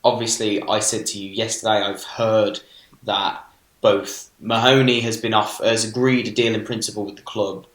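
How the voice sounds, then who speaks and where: A British man co-hosting a podcast, talking in a relaxed, matter-of-fact way with dry retorts. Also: lowish voice, normal speed. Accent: British English. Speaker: podcast co-host. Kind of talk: casual chat. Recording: echoey room.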